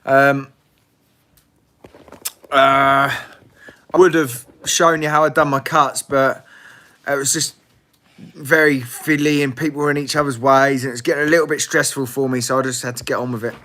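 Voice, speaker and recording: A man's voice: medium pitch, flat delivery, moderate pace, pauses often, sharp tone. A man hosting a casual live Q&A, blunt and swearing freely, laughing often. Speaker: livestream host.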